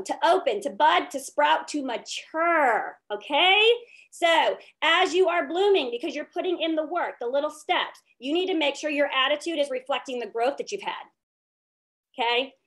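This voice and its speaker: A woman's voice: sits high, expressive, moderate pace, a bit bright. A woman giving a motivational leadership talk over a video call, tagging her points with "okay?". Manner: upbeat and preachy, tags lines with "okay?". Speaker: direct sales team leader.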